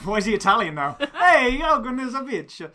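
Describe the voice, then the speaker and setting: A man's voice: very high voice, big pitch swings, normal speed, pushed and bright. A man narrating as game master and host of a tabletop game podcast, hesitant and full of fillers when he improvises.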